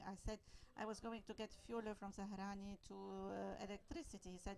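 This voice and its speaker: A woman on a panel retelling a train driver's account in the first person, halting with many fillers. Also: mid-range voice, level tone, gravelly, rough recording. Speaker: panel speaker.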